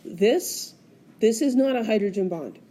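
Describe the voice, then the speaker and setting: A woman's voice: a little high, expressive, measured pace, warm tone. A woman teaching chemistry in a screencast lecture, explaining step by step and putting questions to the class. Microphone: tablet screencast recording.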